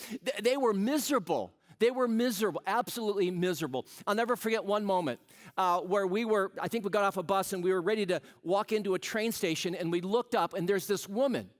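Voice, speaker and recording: High-voiced pastor preaching. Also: male voice. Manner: storytelling, humorous asides, asks the crowd questions. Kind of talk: sermon.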